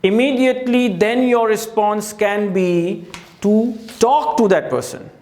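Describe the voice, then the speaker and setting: A man's voice: sits high, measured pace, darkish tone, reverberant. A man giving a life-coaching talk at a teaching board, earnest and direct, often saying "you know".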